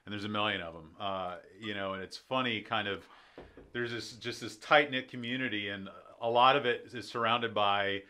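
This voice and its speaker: A man hosting a podcast interview in a relaxed way, hedging often and trailing off softly at the ends of thoughts. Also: fairly low pitch, moderate pace, clear, resonant tone. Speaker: podcast host. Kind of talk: casual interview chat.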